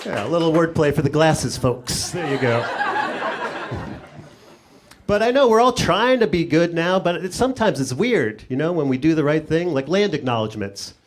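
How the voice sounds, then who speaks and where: A man's voice: on the high side, expressive, moderate pace. A middle-aged man doing a sarcastic stand-up set on a comedy club stage, talking into a handheld mic. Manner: sarcastic, riffing. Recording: noisy live club recording.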